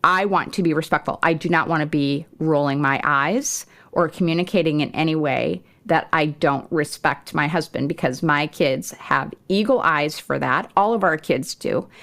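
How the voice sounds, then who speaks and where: A middle-aged woman hosting a homeschool parenting podcast, talking conversationally with fillers and restarts. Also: deep voice. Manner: warm, conversational, with occasional laughs and fillers. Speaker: podcast host.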